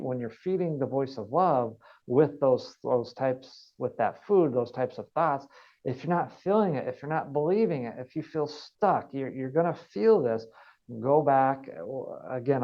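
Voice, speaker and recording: A man's voice: mid-range voice, dull audio. A man working as a wellness coach, giving an earnest motivational training talk and repeating phrases for emphasis.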